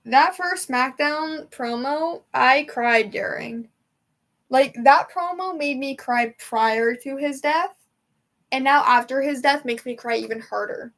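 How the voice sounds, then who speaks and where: A woman's voice: sits high, slow, a bit bright. A young woman hosting a casual livestream from home, chatting to her viewers in a rambling, emotional way. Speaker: livestream host. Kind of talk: casual chat with live chat.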